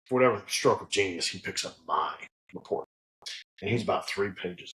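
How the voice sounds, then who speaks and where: A man, a distillery guest, telling a long, animated and profane anecdote in casual conversation. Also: deep voice, moderate pace, rough recording. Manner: animated, profane, frequent restarts. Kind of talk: casual storytelling.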